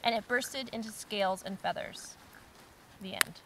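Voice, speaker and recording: A woman's voice: mid-range voice, measured pace, noisy background. Giggly woman reading stories aloud. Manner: giggly, animated storytelling. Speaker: co-host reading listener stories. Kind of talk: casual chat, reading aloud. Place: outdoors by a campfire.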